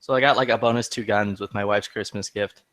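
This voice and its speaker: A man's voice: fairly low pitch, brisk, dry recording. A man in casual chat, retelling a story in a heated, profane way and acting out the other people's lines. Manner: profane, heated, animated retelling with quoted dialogue. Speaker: podcast regular.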